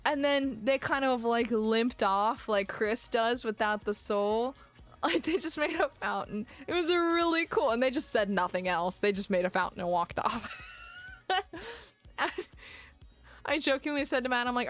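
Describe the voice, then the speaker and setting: This young woman livestreamer chats casually, telling animated stories full of laughter and the odd swear. Her voice is on the high side and unhurried, with frequent pauses over soft background music.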